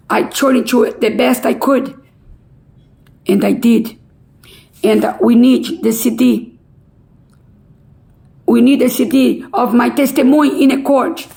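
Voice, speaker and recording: A middle-aged woman making an impassioned, pleading public appeal in halting non-native English. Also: fairly high pitch, creaky, a little mellow, poor audio. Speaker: relative pleading a court case.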